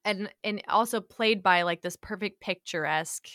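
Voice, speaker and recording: A woman from Washington state chats about a film she loves, eager and quick to laugh. Her pitch is in the middle for a woman. The sound is close and dry with no room around it. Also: a bit bright, dry recording. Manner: chatty and enthusiastic, laughs often. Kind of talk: casual chat.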